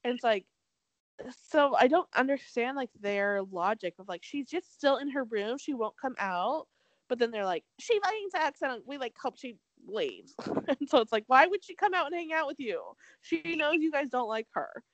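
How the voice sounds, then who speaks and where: A young woman talks fast and animated as she recaps a dating show, swearing freely and acting out what the cast said. Her voice sits a little high and swings widely in pitch. The sound is dry and close. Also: no echo, poor audio. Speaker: podcast co-host. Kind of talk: casual chat recapping a reality dating show.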